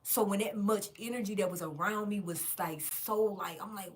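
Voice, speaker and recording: Animated, profane woman telling a story. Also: on the low side, fast, few pauses. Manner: directly addresses viewers. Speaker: vlogger. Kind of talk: casual storytime monologue.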